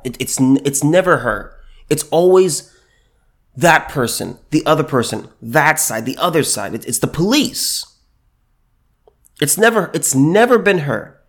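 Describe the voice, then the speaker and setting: A man with a slightly high voice gives opinionated video commentary and reads news aloud. He's emphatic and repeats himself, restarting his sentences many times.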